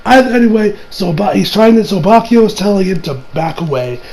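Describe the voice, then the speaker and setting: A man with a hoarse, strained voice reviewing an anime episode in a rambling, profane, casual way with many restarts. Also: high-pitched, lively intonation, a little fast, a little mellow, low-quality recording.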